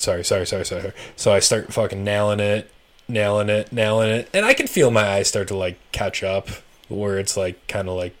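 A man telling a long story in casual chat on a podcast, swearing freely and acting out both sides of a traffic stop. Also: lowish voice. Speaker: podcast guest.

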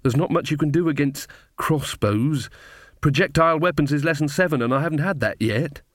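A man's voice: a little high, fairly quick, dry recording, clean studio sound, pitched above the performer's own voice, close to an everyday voice. A man voicing an earnest, somewhat fussy young witch woman.

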